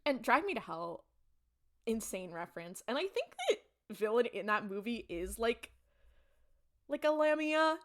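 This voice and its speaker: Lively young woman recapping a show. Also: on the high side, measured pace. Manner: animated storytelling, acts out characters' lines. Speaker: podcast co-host. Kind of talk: casual recap chat.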